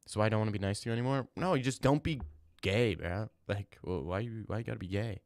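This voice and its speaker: Reading his chat on a livestream, a young man banters casually and roasts his viewers in rambling, slang-heavy bursts. He talks fast in a lowish, gravelly, slightly mellow voice, recorded cleanly with no echo.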